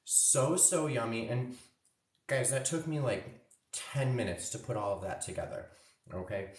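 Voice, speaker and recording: Leading a live kids' cooking demo, this man has a mid-range voice with lively intonation and a slightly slow delivery. He's cheerful and chatty and tastes food as he goes, heard through a far-off mic in a roomy, echoing space.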